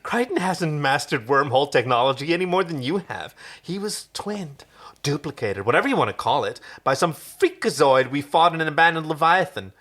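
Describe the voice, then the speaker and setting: A man's voice: on the high side, expressive, a little fast, fairly bright tone. A man voicing a cheeky young alien woman who shrieks and gasps with laughter. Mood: scornful.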